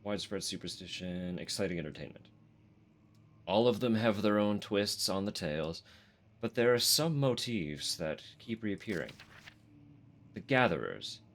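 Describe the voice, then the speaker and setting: Deep-voiced Canadian man streaming a game. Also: lively intonation, moderate pace, slight background noise. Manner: chatty, self-deprecating, swears, laughs often. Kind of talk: live game stream, reading in-game text aloud.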